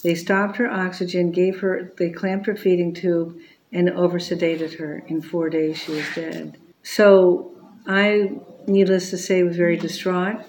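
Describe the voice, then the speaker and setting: A woman's voice: lowish voice, darkish tone, slight background noise, low-quality recording. A middle-aged woman, a Catholic religious sister, telling a personal testimony in an earnest, storytelling way. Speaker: Catholic religious sister and pro-life speaker.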